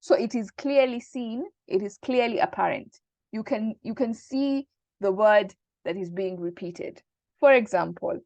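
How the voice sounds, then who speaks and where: Gravelly woman teaching a grammar lesson. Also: mid-range voice, darkish tone, no echo. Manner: explanatory, loose with fillers. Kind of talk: recorded lesson lecture. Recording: dull lo-fi dry recording.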